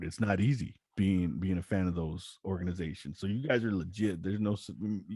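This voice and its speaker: A man's voice: low-pitched, no room sound, studio quality. A man hosting a podcast in casual chat, telling stories with energy and stumbling over restarts. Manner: animated storytelling, stammers on restarts. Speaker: podcast host.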